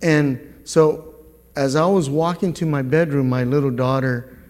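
A middle-aged man shares his testimony before a church congregation, speaking very slowly and earnestly. He stumbles and repeats words as he goes, and his voice rings with the long reverb of a big hall. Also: fairly high pitch, steady tone, a little mellow. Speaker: guest speaker giving a testimony.

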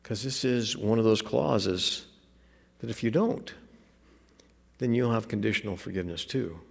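A man preaching a sermon in a relaxed, conversational way, with joking asides. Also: fairly low pitch, moderate pace, creaky, long reverb tail. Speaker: pastor.

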